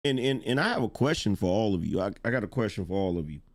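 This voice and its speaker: A middle-aged man with a lowish voice hosts a live-stream commentary show. He is blunt and emphatic, reads out viewer chat, and repeats his points for effect, swearing as he goes. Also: animated, fast talker.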